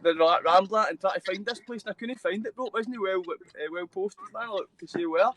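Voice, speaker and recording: A young man from Scotland, speaking with a Scottish accent, is a guest on a live video call telling his story in a casual interview. He rambles and swears freely, peppering his talk with mate and bro, in a high-pitched, fairly bright and quick voice on a rough recording.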